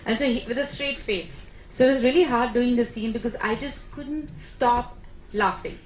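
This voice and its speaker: Actress at a press meet, animated storyteller, slightly high voice, roomy echo. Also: female voice, moderate pace. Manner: chatty, animated storytelling with laughs. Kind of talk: casual press conference answers. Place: press conference room. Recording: echoey room, faint background noise.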